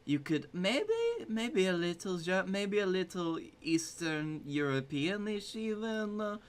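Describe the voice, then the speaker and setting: A young man joins casual banter, halting and laid-back as he searches for words. He speaks slowly, his voice sitting a bit high. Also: smooth. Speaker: podcast co-host.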